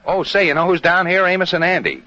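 A man's voice: high voice, lively intonation, fast talker, pushed and bright, no echo. A man playing himself as a radio field engineer, breezy and joking, in a scripted sketch on a dull old radio recording.

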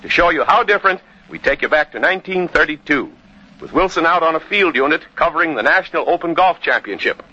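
Bright chatty old-time radio announcer. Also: male voice, on the high side, expressive, quick pace. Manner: chatty storytelling with asides. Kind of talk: scripted radio narration. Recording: dull old radio recording.

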